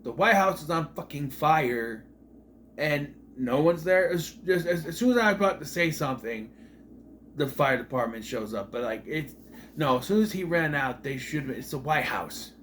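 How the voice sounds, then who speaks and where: A man's voice: on the high side, expressive, normal speed, fairly bright tone, slight background noise. A young man giving a casual, rambling spoken review of a TV episode, exasperated, swearing now and then and often restarting his sentences.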